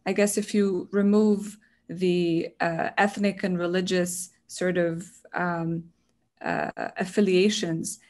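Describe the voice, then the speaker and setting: A woman's voice: lowish voice, flat delivery, takes it slowly, darkish tone. A woman interviewer asking an author about her book, hesitant and full of fillers. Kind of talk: interview questions.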